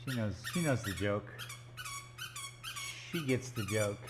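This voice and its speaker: A man's voice: fairly low pitch, animated, slow pace, background noise. Chatty man painting on a live stream. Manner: chatty, joking, rambling asides. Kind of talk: casual live-stream chat. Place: art gallery studio, indoors.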